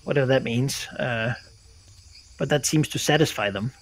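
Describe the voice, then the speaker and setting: A man's voice: mid-range voice, normal speed, low-quality recording. A man running a tabletop game as game master, narrating casually with many fillers.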